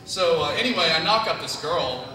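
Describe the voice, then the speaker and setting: A young man doing stand-up comedy, rambling nervously with constant "you know" fillers. His voice sits a little high and comes through from some distance in a very echoey room. A crowd can be heard around him. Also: animated, a little fast. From Tennessee. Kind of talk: nervous first-time stand-up set. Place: comedy club stage. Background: audience laughing.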